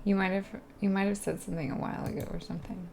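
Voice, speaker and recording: A gravelly-voiced woman chatting on stream. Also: mid-range voice, flat delivery, racing, background noise. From US East Coast. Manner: chatty, rambling, answers chat questions aloud. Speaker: live streamer. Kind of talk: casual chat with viewers.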